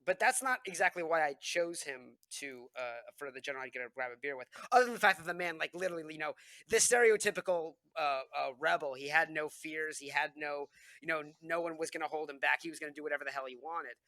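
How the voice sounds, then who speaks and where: Bright, high-voiced young man telling stories. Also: fast talker, no room sound. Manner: rambling, many fillers and restarts, animated storytelling. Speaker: podcast co-host. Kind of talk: casual history chat.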